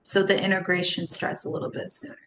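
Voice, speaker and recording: A woman's voice: mid-range voice, wildly swooping pitch, fast talker, a bit bright, slight background noise. A woman in her thirties, a guest on a podcast, talking casually and animatedly and laughing often between thoughts. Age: 30s. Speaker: podcast guest, somatic coach. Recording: roomy echo with faint ambience.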